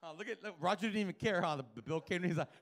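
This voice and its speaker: A male stand-up comedian doing a live club set, profane and animated, acting out characters and bursting into loud shouts. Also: sits high, racing. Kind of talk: live stand-up with crowd work.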